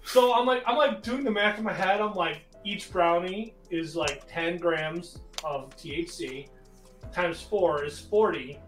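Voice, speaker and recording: A man's voice: high voice, measured pace, a bit bright, far from the mic. A man telling a funny story in casual chat, often breaking into laughter. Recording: roomy echo with faint music.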